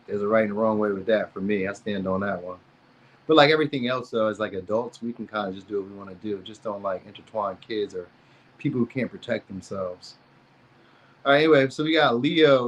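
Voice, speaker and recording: Slangy casual man reading tarot. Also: fairly low pitch. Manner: loose slangy chatter, reacting to chat comments. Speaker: tarot reader.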